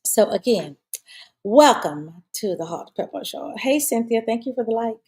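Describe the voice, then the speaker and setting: A woman's voice: fairly high pitch, lively intonation, normal speed, a little mellow, breathy edge. A woman hosting her own talk show, chatting casually and rambling with many fillers and restarts. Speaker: show host. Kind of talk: casual live-show chat.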